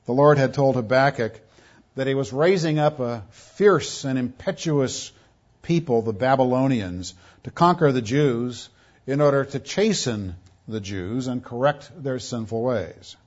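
A male pastor preaching a sermon, measured and emphatic, with dramatic pauses on key words. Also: medium pitch, highs cut off.

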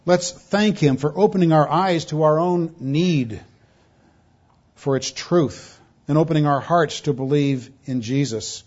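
A fairly high, slightly mellow male voice preaches a sermon at a somewhat slow pace. He presses hard, asking rhetorical questions and shifting pace for stress, with dull lo-fi recording quality.

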